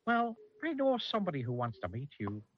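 A man doing a high cheeky little goblin. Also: wildly swooping pitch, a little fast, lo-fi sound, noisy background. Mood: impish. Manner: teasing, sing-song.

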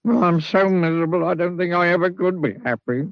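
A man voicing a squeaky, sniffling sad little man. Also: big pitch swings, a little slow, dry recording. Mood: miserable. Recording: muffled recording with soft music.

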